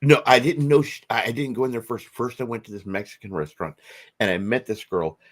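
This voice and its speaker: A man's voice: medium pitch, fairly quick. A middle-aged man co-hosting a podcast, telling a rambling story in casual chat and acting out the voices of the people in it. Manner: rambling, restarts and acts out quotes. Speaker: podcast co-host.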